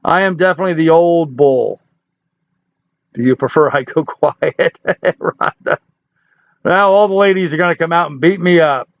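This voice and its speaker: A man in his sixties chats through a livestream in a folksy, joking way, answering viewers as he goes. His voice sits a little high for a man. The sound is dry and close, with a slightly dull, lo-fi quality. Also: moderate pace, vocal fry, dry recording. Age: 60s. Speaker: livestream host. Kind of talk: casual live chat reading viewer comments.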